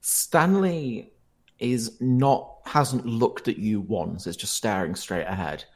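A man narrating as game master of a tabletop role-playing podcast, playful and animated. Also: fairly low pitch, takes it slowly, slightly rough.

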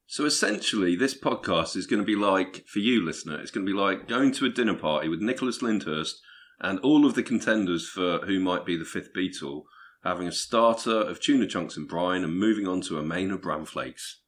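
A man with a deep voice co-hosts a podcast, chatting briskly and casually with lively intonation. His comedic banter has a dry, matter-of-fact edge.

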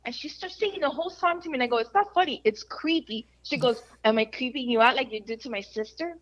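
Animated high-voiced woman telling stories. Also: fast. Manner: animated storyteller, mixes Spanish phrases. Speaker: radio host guest. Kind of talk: casual podcast chat. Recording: dull lo-fi audio.

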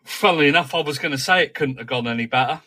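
A man conducting a conversational interview in a measured way, recounting details from match reports. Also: on the high side, pushed and bright, slight background noise.

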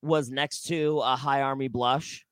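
A man co-hosting a comedy podcast, riffing in a deadpan, drawn-out way in casual chat. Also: medium pitch, clear, resonant tone, no room sound. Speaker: podcast co-host.

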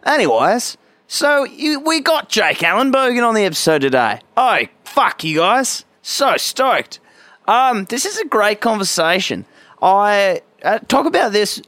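A man hosting his own podcast in a loose, rambling way, poking fun at himself and swearing casually. His voice sits on the higher side and is crisp and smooth, with a dry, close sound and no room echo. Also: fairly bright tone. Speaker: podcast host.

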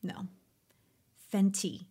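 A woman's voice: extremely slow, dark tone. Chatty woman podcast co-host. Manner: chatty, quizzing her co-host. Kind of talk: casual podcast chat.

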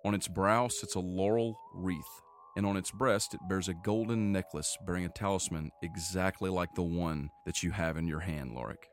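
A man narrating as game master of a tabletop game, describing scenes steadily with quick asides. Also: low-pitched, a little hiss or hum.

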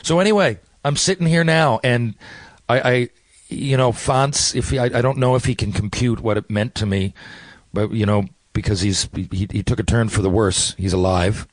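Newfoundland guy rambling through stories on a call from home, dry sound, average pitch. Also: normal speed, dry recording. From Newfoundland, Canada. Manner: rambling storyteller, many restarts. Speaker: actor, guest. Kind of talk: casual interview chat. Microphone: remote interview from home.

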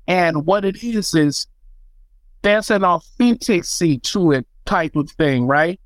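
American male guest, emphatic storyteller, dry close sound, lively pitch. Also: slow pace, no room sound, low-quality recording. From United States. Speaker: guest beatmaker. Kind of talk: casual podcast chat.

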